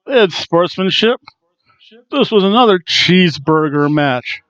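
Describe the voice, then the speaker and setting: A man hosts a casual wrestling review show, rambling and poking fun at himself as he goes. His voice is smooth and a little high, his delivery unhurried, and the recording is close and dry. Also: animated, fairly bright tone, dry recording, muffled recording. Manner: rambling, self-deprecating. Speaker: wrestling review podcast host. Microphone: headphones on, desk mic.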